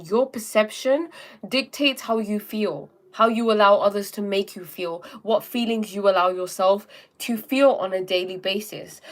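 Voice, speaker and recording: Young woman, live stream host, casual chat, mid pitch, lots of "okay?". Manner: chatty, repeats "okay?" and "um", acts out little scenes. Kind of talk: casual live-stream talk on self-help.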